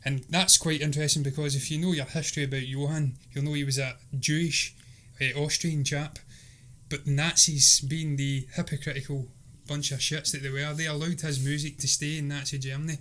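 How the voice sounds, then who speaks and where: A man talks films with a co-host, eager and chatty, and laughs easily. His voice sits a bit high and sounds bright and clear. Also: flat delivery, a little fast. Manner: enthusiastic, talkative, laughs often. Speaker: film review podcast co-host. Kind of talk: casual chat.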